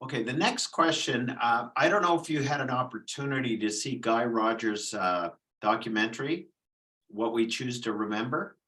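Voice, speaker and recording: A man interviewing a guest over a video call, asking questions in a measured, deliberate way. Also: mid-range voice, bright, forceful tone, low-quality recording.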